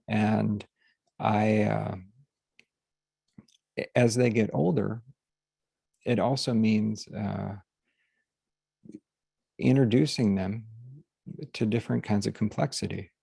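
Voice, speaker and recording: A man hosting a group session, talking casually and haltingly, with many fillers and restarts, over a video call. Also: on the low side, steady tone, gravelly, dark tone, breathy edge, no room sound. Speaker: workshop host. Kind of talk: casual teaching talk to a group.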